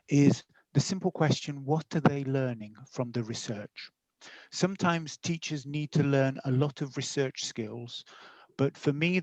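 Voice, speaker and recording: A man giving a webinar talk as a guest teacher educator, friendly and measured, with some fillers. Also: medium pitch, a little mellow, dry recording, poor audio. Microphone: video call.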